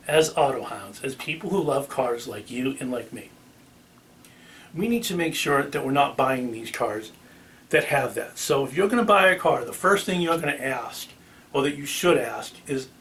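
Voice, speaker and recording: A man's voice: on the high side, fairly bright tone, far from the mic. A man with a Boston accent hosting a car channel, talking casually to the camera with ums and restarts. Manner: chatty, with filler ums and restarts.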